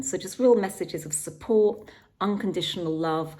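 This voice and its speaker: A middle-aged woman speaks to carers in a low, soft voice, guiding them through a training exercise. She stays calm and gentle, frequently pausing on an "um" or repeating a word before continuing with her instructions.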